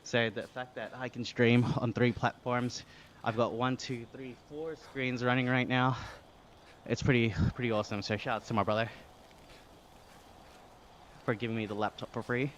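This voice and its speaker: A man's voice: medium pitch, steady tone, moderate pace, long pauses, a bit bright, a little hiss or hum. A man from Australia with an Australian accent, live-streaming and reading out chat while he cycles on an indoor trainer. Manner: reads chat aloud and thanks viewers, breathy from exertion.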